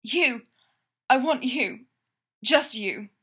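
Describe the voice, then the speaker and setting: A woman's voice: sits high, expressive, a little slow, a bit bright, pitched above the performer's own voice, heavily acted. Woman doing a jittery, sarcastic young guy, raised and breathless. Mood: eager. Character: excitable wisecracking male character, quick and breathless.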